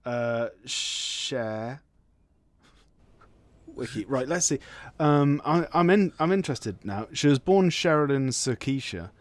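A man's voice: medium pitch, lively intonation, slow, no room sound. A man co-hosting a film podcast, asking questions and cracking sarcastic jokes in casual chat. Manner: jokey, questioning, sarcastic asides. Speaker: podcast co-host.

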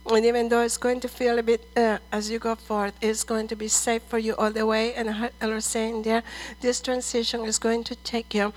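A middle-aged woman ministering prophetic words over people in church, earnest and measured, calling them dear and brother. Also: a little high, level tone, poor audio.

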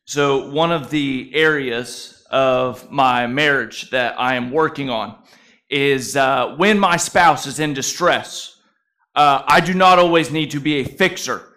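A man's voice: mid-range voice, slow, bright, forceful tone. A male pastor preaching a conversational sermon, telling stories with frequent "uh" fillers.

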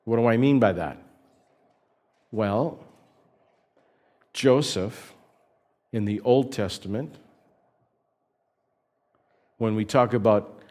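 A man preaching a sermon as pastor, earnest, pausing between phrases and repeating key points for emphasis. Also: lowish voice.

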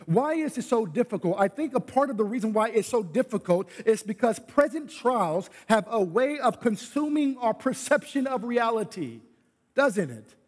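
A man preaching a sermon as pastor, his voice pitched high for a man and often rising to a yell. He leans on repetition, circling back with "listen" to press each point. The sound rings out with long reverb, as in a large hall. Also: sing-song, moderate pace. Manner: preaching with loud yelling bursts, repeats "listen". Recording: echoey hall.

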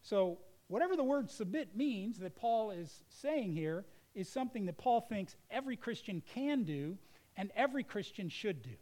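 A man's voice: sits high, expressive, normal speed, darkish tone, poor audio. A middle-aged male pastor preaching a sermon in an earnest, conversational way.

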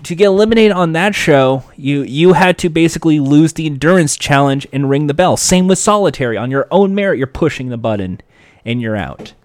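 Animated man riffing on reality shows. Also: a little high, brisk, no echo, clean studio sound. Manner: animated, acts out quoted lines. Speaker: reality TV commentator. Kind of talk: casual commentary.

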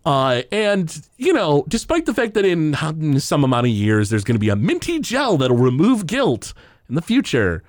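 A man chatting on a podcast, his pitch swinging widely from low to high as he retells scenes. He talks loosely, with plenty of fillers and chuckles. The sound is close and dry, with no room around it. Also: wildly swooping pitch, normal speed, no room sound. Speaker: podcast co-host recapping an episode. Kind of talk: casual chat.

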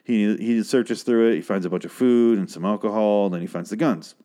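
A man with a fairly low voice talks through a TV episode in a loose, rambling recap. He is sardonic and profane, and often trails off or restarts mid-thought. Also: a little fast, mellow. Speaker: show recap podcaster.

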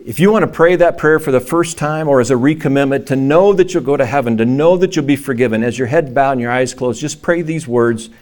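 A middle-aged man preaching a sermon, acting out quoted voices in a raised pitch and dropping low for solemn lines. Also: brisk, hardly any pauses. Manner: animated, acts out quotes in a raised voice. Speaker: pastor.

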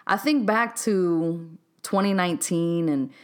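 A Texas woman with a lowish voice talks freely on her own podcast, unscripted and candid. She chats warmly in a loose way, drops in a "y'all", and laughs at herself now and then. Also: takes it slowly. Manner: candid, chatty, laughs easily, says "y'all" and "um". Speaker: podcast host. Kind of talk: unscripted solo podcast talk.

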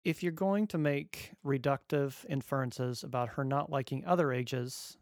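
A man's voice: mid-range voice, unhurried, dry recording, studio quality. A father reading his own personal essay aloud in a wry, earnest, conversational way.

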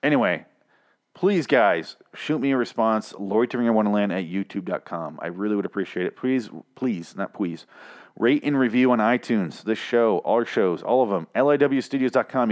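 A man's voice: on the low side, animated, a little fast. A man hosting a podcast alone, recapping a TV episode in a rambling, sarcastic, heavily profane way, close on the mic. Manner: rambling, sarcastic, swears a lot, jumps into exaggerated outbursts. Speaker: podcast host reviewing a TV show. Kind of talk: casual profane solo recap.

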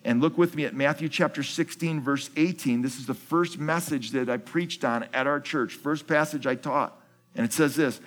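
A man's voice: a little high, normal speed, fairly bright tone. A man giving a sermon as founding pastor of his church, asking the congregation questions, answering them himself, and repeating key phrases.

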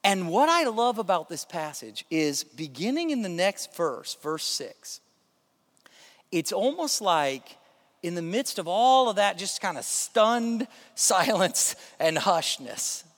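A male pastor with a notably high voice delivers a sermon in an easygoing, animated manner, peppering his talk with fillers. His voice rings with a long reverb, as in a large church sanctuary. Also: slow pace. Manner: conversational and animated, with many fillers.

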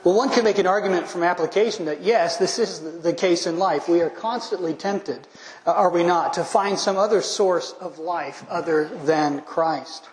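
A man's voice: sits high, normal speed, echoey room, poor audio. A man preaching a methodical expository sermon as pastor, listing his points and verse references and leaning hard on key lines.

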